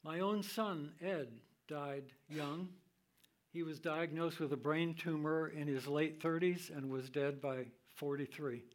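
Slow, measured older male Bible teacher. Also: on the high side, steady tone. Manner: measured, deliberate reading of scripture. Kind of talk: sermon-style Bible teaching.

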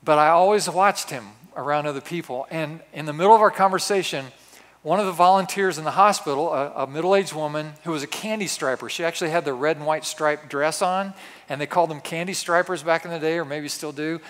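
A man preaching in a large, echoing hall, his long reverb trailing behind every line. He tells his story dramatically, dropping to hushed asides and then bursting into loud exclamations. His voice sits a touch high for a man. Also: a little fast. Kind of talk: storytelling sermon.

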